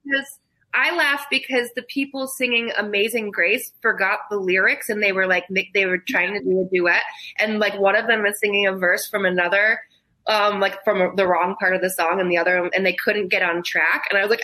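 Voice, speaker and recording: A woman talking as a guest on a casual podcast. Her voice is bright and forward. She rambles, restarts her thoughts over and over, and laughs even while describing something painful. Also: medium pitch, brisk, low-quality recording. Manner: rambling, self-interrupting, laughs through grief. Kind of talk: casual chat.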